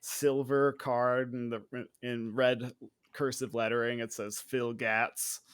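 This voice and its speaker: A man narrating a tabletop mystery game as game master, halting and full of fillers, laughing often. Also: medium pitch, little pitch movement, clear, resonant tone, no room sound, studio quality.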